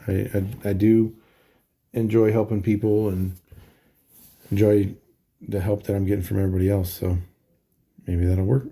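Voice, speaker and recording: A middle-aged man talking casually in a halting video diary, tired and full of ums and restarts. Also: on the low side, level tone, mellow. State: tired, yawning. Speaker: vlogger.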